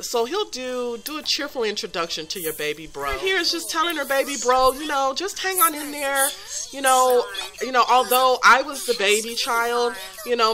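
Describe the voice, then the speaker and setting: Here the woman speaks in a mid-range voice that comes across pushed and bright. Hosting a life-simulation game series, she chats about the plot in a giggly, gossipy manner, leaning on lots of fillers.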